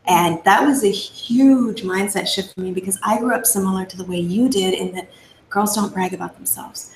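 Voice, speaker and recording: A woman's voice: mid-range voice, fairly quick, roomy sound, a little hiss or hum, low-quality recording. A woman hosting a casual interview, reflecting on her own experience as she talks. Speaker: host.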